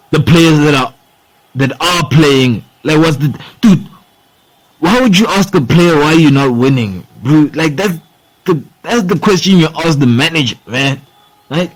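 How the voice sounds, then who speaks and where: A man's voice: medium pitch, rough recording. A young man hosting a sports podcast, rambling in casual talk, swearing freely and saying "bro" and "dude" a lot. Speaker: podcast host.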